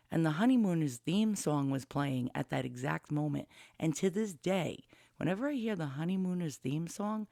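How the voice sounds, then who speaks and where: Speaking into a pop-filtered studio mic with no echo, this woman in her fifties rambles through a personal story with candor and blunt curse words. Her low voice is creaky and slightly mellow. She's a vlogger.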